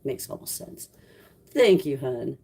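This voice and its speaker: A woman's voice: very deep voice, sing-song, takes it slowly, creaky, warm tone, slight background noise. A middle-aged woman who rescues kittens, chatting casually on a livestream in a sarcastic, chatty way while caring for kittens at home. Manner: sarcastic, chatty, talks to kittens and reads chat aloud. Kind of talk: casual livestream chat with viewers.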